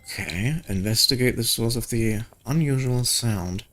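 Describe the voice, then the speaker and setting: A man's voice: medium pitch, a little slow, fairly bright tone. Chatty young man doing game commentary. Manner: chatty, jokey, reads game dialogue aloud. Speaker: gaming video creator.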